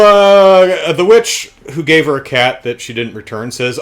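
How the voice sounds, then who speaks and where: A man's voice: fairly high pitch, animated, measured pace, hardly any pauses. A man giving a casual, jokey TV review, retelling the plot with sarcastic asides.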